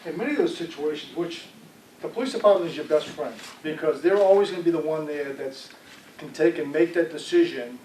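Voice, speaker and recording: A man speaks to a room of people about fraud in a loose, chatty way, often asking "right?" to keep them with him. His voice sits a little high. He is picked up from a distance, so the room's echo rings around him. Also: brisk, mellow, slight background noise. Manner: conversational, asks audience "right?" often. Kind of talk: community presentation. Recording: echoey room, speaker far from mic.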